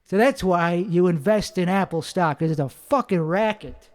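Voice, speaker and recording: A man with a high, bright-sitting voice rambles through a solo monologue, swearing constantly and second-guessing his own material. He speaks in a put-on accent. He is recording alone in a home studio. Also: moderate pace, hardly any pauses, in a large hall. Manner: profane, rambling, self-critical. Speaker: comedian working out bits.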